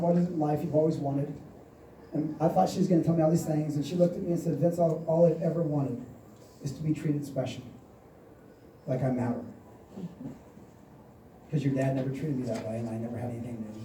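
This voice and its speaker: Dark-voiced man speaking on a seminar stage. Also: on the high side, a little hiss or hum. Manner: storytelling, acts out quoted dialogue. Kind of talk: motivational seminar talk. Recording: echoey hall, mic at a distance.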